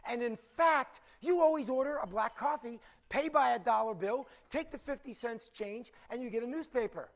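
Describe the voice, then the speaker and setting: A man's voice: very high voice, moderate pace, creaky, few pauses. A man voicing a chirpy, overly friendly female coffee shop clerk in a story he tells. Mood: bubbly. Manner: bubbly, singsong and overly friendly.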